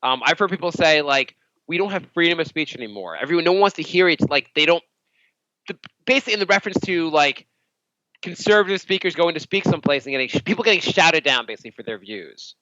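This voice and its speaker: A man's voice: fairly high pitch, animated, quick pace, pushed and bright, no echo. A man co-hosting a podcast, telling rambling stories in casual chat and acting out both sides of each conversation. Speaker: podcast co-host. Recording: dull lo-fi dry podcast mic.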